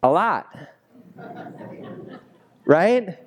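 A man's voice: sits high, big pitch swings, drawn-out words. Man preaching a chatty sermon. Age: young adult. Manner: conversational, jokey, engages the congregation with call-and-response. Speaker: pastor. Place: church sanctuary with a congregation.

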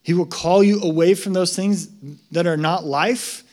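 A male pastor preaching a sermon in a conversational, emphatic way that rises to loud excitement. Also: sits high, measured pace.

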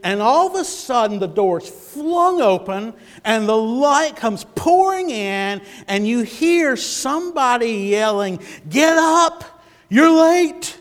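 A man preaching a sermon and reading scripture, telling stories with lively, dramatic bursts and halting repeated words. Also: extremely high pitch, big-room sound. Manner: animated, dramatic storytelling with sudden loud bursts; halting repetitions. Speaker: pastor.

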